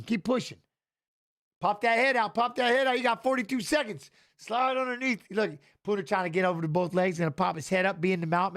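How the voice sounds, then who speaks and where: A middle-aged man hosting a live fight watch-along, excitable and shouting at the fighters while chatting with viewers. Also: sits high. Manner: excitable, talks fast over the action, shouts at fighters. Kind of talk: live fight commentary and chat.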